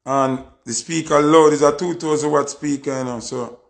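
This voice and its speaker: A man's voice: fairly high pitch, fairly even intonation, normal speed, creaky. A man with a Jamaican accent reviewing songs on a casual livestream, boastful and emphatic, repeating his points. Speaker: music reviewer. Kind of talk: livestream music review chat.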